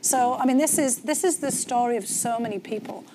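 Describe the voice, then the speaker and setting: Talking a little fast in a voice on the high side, this North East English woman tells her story candidly, full of fillers, amid background noise. She is from North East England, a former government official being interviewed as a guest in a conversational setting.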